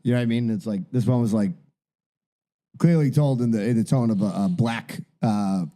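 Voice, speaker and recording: A man's voice: medium pitch, fairly quick, mellow. A man co-hosting a podcast, telling stories in a rambling, foul-mouthed, self-mocking way. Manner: rambling, swears constantly, self-mocking bravado. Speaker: podcast co-host. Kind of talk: casual crude banter.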